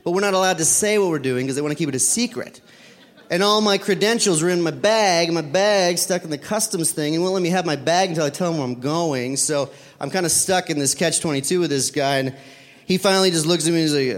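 A man's voice: fairly high pitch, a little fast. A man telling a personal story to an audience, rambling and correcting himself with many fillers. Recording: long reverb of a hall.

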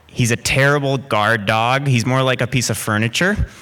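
A man telling an animated personal story in a lively, rambling way, full of vivid asides. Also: medium pitch, moderate pace.

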